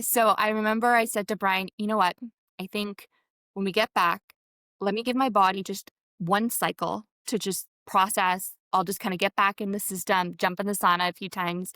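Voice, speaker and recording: Woman guest on a podcast, mid pitch, lots of um and like, dry close sound. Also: fairly even intonation, moderate pace, a bit bright, dry recording. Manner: rambling, many fillers, acts out quotes. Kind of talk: conversational interview.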